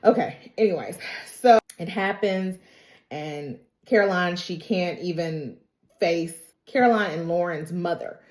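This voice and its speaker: Woman, low voice, chatty emotional recap, stuffy from crying, roomy echo. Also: a little slow, darkish tone. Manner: emotional, chatty storytelling with dramatic asides. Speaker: TV recap reviewer. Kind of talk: casual recap vlog.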